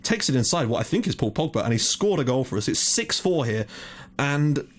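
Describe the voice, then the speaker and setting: A young man giving excitable live commentary on his own football management game, thinking aloud and swearing when it goes wrong. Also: mid-range voice, fairly quick. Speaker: gaming commentator.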